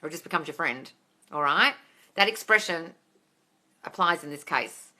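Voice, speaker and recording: Bright-toned, frank woman hosting a live chat. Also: low voice, expressive, normal speed. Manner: frank and swearing, reads out comments, calls listeners darling. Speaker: host of a manifesting Q&A live stream. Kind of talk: casual live-stream chat answering viewer comments.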